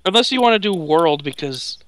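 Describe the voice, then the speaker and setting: A man's voice: fairly high pitch, expressive, brisk, fairly bright tone. A young man co-hosting a game stream, joking and helping with the game menus. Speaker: co-host. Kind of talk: casual gaming chat.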